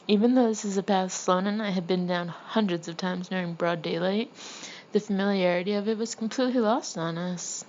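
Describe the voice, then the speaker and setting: A woman's voice: mid-range voice, steady tone, moderate pace, darkish tone. A woman reading her own funny memoir aloud, often breaking into laughter as she goes. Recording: slightly dull lo-fi recording with faint background hiss.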